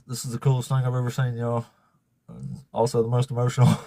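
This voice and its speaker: A man hosting a casual livestream, laughing and swearing as he thanks viewers, emotional and fighting back tears in a raspy voice. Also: medium pitch, normal speed, dark tone, dry recording, clean studio sound. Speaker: livestream host.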